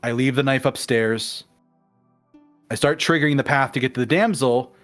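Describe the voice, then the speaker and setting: A man's voice: mid-range voice, moderate pace, soft background music. A man talking casually with a friend, retelling his playthrough at length. He drops into the characters' voices for quotes, then slips back into plain narration. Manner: animated storyteller acting out quotes. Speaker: guest in a game discussion. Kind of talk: casual conversation.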